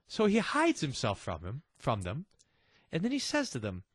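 A man teaching a Bible passage in a conversational, animated way, with delighted chuckling asides. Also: medium pitch, moderate pace, breathy edge, no echo.

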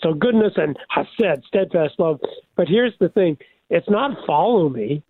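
An older man, a pastor and radio guest, talking through scripture in an animated, preacherly way with many restarts, over a phone line. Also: high-pitched, measured pace, no echo. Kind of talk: devotional radio talk.

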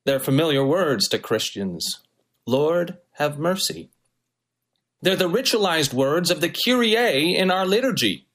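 A man's voice: on the high side, very animated, normal speed, few pauses, fairly bright tone. A male pastor delivering a sermon, preaching with varied, emphatic intonation.

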